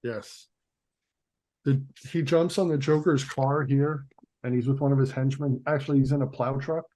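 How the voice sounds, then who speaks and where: A man's voice: mid-range voice, steady tone, normal speed, dark tone. A man co-hosting a casual chat about comics, rambling with restarts and lots of "like". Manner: rambling, restarts, many likes. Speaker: co-host.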